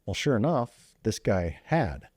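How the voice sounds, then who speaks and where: Deep, dark-voiced man telling a story. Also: a little slow, slightly rough, dry recording, clean studio sound. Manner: acts out quoted dialogue with lively voice jumps; loose, with many fillers like "you know" and "like". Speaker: guest, former police officer and Marine veteran. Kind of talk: casual storytelling.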